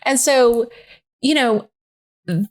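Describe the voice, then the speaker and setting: A woman's voice: a little high, takes it slowly. A woman, a podcast guest telling stories in casual chat and acting out the voices of people she quotes. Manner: animated storyteller, acts out voices in quotes.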